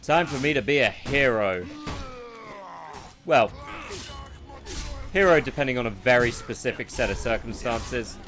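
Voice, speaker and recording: Male game streamer, wry and sarcastic, mid-pitched voice, faint music behind. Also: a little slow, long pauses, a bit bright. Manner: joking, sarcastic, swears freely. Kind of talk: casual gameplay commentary.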